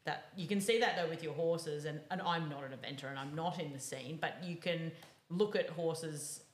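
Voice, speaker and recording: A woman's voice: deep voice, normal speed, echoey room. A woman, interviewing her guest in a chatty, thinking-aloud manner. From Australia. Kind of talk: conversational interview.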